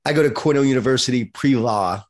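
A middle-aged man from Long Island, New York, a guest author telling his life story in an interview with lively, self-deprecating humor. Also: mid-range voice, fast talker.

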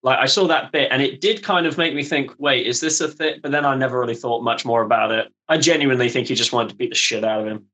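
A man chatting on a film podcast, relaxed as he explains a point to his friends. His voice is bright and forward, with a mid-level pitch. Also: fast, few pauses. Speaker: podcast co-host. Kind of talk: casual film chat with friends.

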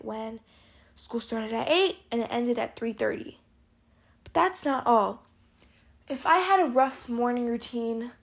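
Teen girl rambling on her podcast, kinda high voice, says like a lot, super candid. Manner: rambling, chatty, lots of "like"; candid, confiding. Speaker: podcast host. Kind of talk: casual solo podcast.

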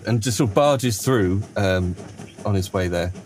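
A man narrating as game master in a tabletop game, halting and full of restarts. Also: lowish voice, lively intonation, slight background noise. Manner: halting, lots of fillers and restarts.

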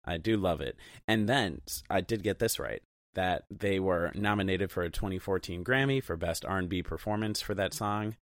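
A man's voice: low voice, normal speed, no room sound, clean studio sound. A man co-hosting a casual music podcast, joking and laughing often as he reads out band facts. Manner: laughs often, fillers, jokey asides. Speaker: podcast co-host. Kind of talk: casual chat.

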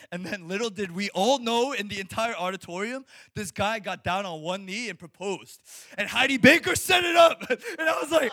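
A young man, a high school pastor, preaching and telling a personal story with lots of laughter and restarts. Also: expressive, fairly quick, bright, forceful tone, dry recording, clean studio sound. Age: young adult. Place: Chicago suburbs.

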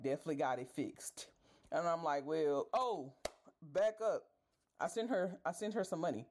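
A woman's voice: low-pitched, darkish tone. A woman podcast host telling a story in a casual rant, exasperated, swearing freely and talking straight to her listeners.

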